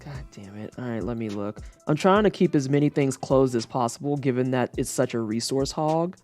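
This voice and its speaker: A young woman streamer from the Saint Louis area, chatting casually and swearing freely, acting out quotes in high voices. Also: expressive, a little fast, dark tone, soft background music. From Saint Louis area, United States. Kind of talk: casual chat on a livestream.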